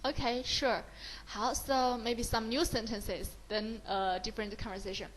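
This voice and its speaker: Female Mandarin tutor, Chinese accent, higher voice, patient and encouraging, switches between English and Mandarin. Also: steady tone, unhurried, slight background noise, poor audio. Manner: mixes English with Mandarin, praises often. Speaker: Mandarin teacher. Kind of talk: slow, encouraging beginner lesson.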